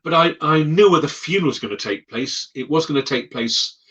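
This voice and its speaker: Guy telling ghost stories, real dramatic, bright punchy voice. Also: fairly high pitch, a little fast, poor audio. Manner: dramatic, animated, acts out voices. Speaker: storyteller guest. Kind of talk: spoken ghost storytelling.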